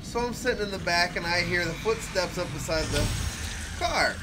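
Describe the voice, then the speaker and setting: A man's voice: sits high, expressive, moderate pace, background noise. A young man from Ohio bantering while playing a game, swearing and cutting in on his friend. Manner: profane, interrupting, laughing it off. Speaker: let's play co-host. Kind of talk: casual banter during a game.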